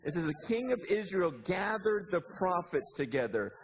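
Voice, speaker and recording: A man's voice: high-pitched, sing-song, normal speed. A man preaching a casual sermon, retelling scripture stories with slangy asides and acted-out quotes.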